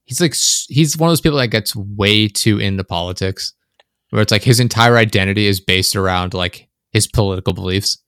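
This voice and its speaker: Casual podcast co-host: young man, low-pitched, animated rambling delivery, dry close mic. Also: fairly quick, clear, resonant tone, no echo. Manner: animated, swearing, rambling with many fillers. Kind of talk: casual chat. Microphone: close desk microphone.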